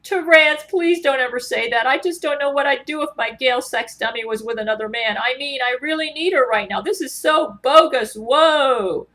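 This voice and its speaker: A woman voicing a lovesick young man who talks in excitable surfer slang. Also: sits high, normal speed, hardly any pauses, pitched above the performer's own voice. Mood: distressed.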